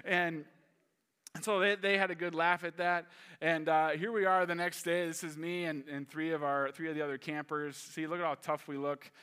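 Male pastor, 30s, lively storytelling sermon, slightly high and bright tone. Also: moderate pace, clean tone. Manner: animated storyteller, shifting to calm teaching.

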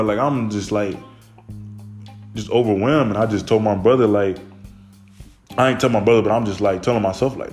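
A man's voice: lowish voice, steady tone, moderate pace, long pauses, darkish tone, faint music behind. A young man casually recounting a family story from his childhood, rambling with many fillers and restarts.

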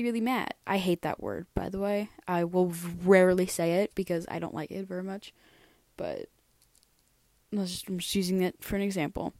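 A woman's voice: on the low side, a little mellow, dry recording. A tired young woman hosting a casual personal podcast, chatty and rambling with lots of fillers and restarts. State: tired, yawning. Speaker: podcast host.

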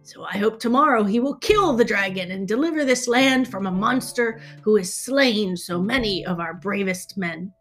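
A woman's voice: medium pitch, moderate pace, hardly any pauses, a bit bright, faint music behind, close to an everyday voice. A woman voicing a fatherly emperor in a storybook, firm and reassuring.

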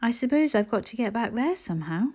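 A woman's voice: fairly high pitch, very animated, quick pace, darkish tone, husky. A woman voicing an injured, polite schoolboy in a storybook reading, weak and apologetic.

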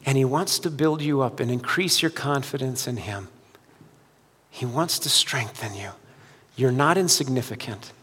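Man preaching a sermon, goes from loud to real quiet, bright tense voice, long echo in the room. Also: medium pitch, moderate pace, husky. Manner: swings from loud preaching to quiet, soft-spoken appeals. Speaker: pastor.

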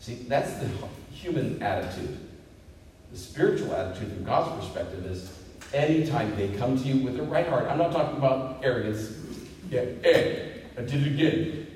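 A male pastor preaching a sermon with emphatic delivery that climbs to loud, high peaks. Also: animated, fairly quick. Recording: echoey hall, distant mic, faint hiss.

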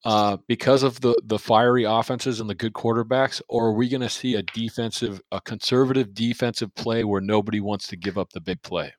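A man's voice: fairly low pitch, steady tone, brisk, hardly any pauses, no echo. A man co-hosting a casual sports betting podcast, joking and rambling with fillers. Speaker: podcast co-host.

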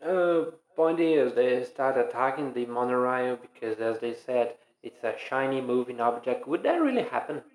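A man's voice: medium pitch, lively intonation, normal speed, hardly any pauses, echoey room, rough recording. A man co-hosting a podcast in casual chat, joking and teasing. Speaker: podcast co-host.

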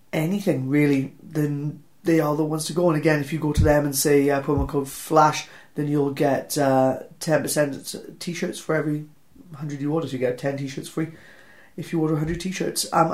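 Casual Welsh podcast host, young, self-deprecating and talkative, pitched a touch high. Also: male voice, a little mellow. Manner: chatty, self-deprecating, rambling. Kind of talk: casual podcast intro and ad reads.

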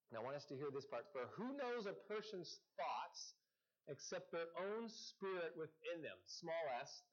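Chatty male teacher, slightly high voice. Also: muffled recording. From US Northwest. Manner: conversational, with frequent fillers and restarts, addressing a live group. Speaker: campus ministry teacher. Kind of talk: casual teaching talk.

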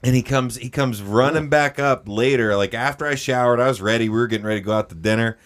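A young man hosting a podcast, telling a story in a casual, animated way, swearing and jumping into high voices for quotes. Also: fast. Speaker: podcast host.

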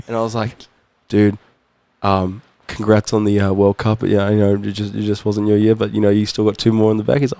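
A man's voice: lowish voice, level tone, fairly quick, gravelly, mellow, no room sound. A young man telling a story in casual chat, laughing often and swearing freely. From New Zealand. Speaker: podcast guest, musician.

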